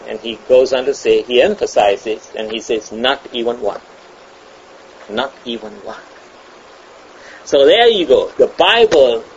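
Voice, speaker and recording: A man's voice: mid-range voice, a little mellow. A man preaching a sermon in an emphatic way, repeating and restarting his phrases and acting out the voices he quotes. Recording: dull lo-fi sound with faint ambient noise.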